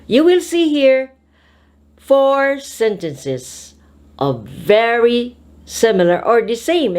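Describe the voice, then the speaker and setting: Woman pronunciation coach, drawn-out delivery with lots of pitch movement, instructive. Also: darkish tone. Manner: slow, deliberate word-by-word pronunciation drilling; instructive, addresses viewers directly. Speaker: speech teacher. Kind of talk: pronunciation drill lesson.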